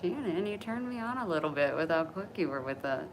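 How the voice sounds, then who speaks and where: A woman with a low voice chats to her viewers from her bed late at night. She is encouraging and laughs easily. Steady hiss and background noise run under the phone audio. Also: brisk. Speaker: livestreamer reading viewer comments. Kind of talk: casual livestream chat.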